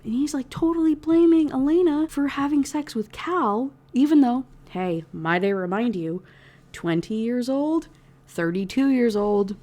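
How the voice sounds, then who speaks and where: A woman's voice: sits high, unhurried, warm tone. A young woman giving a casual, exasperated book review rant, swearing freely and filling her talk with "like". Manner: exasperated, profane, heavy use of "like".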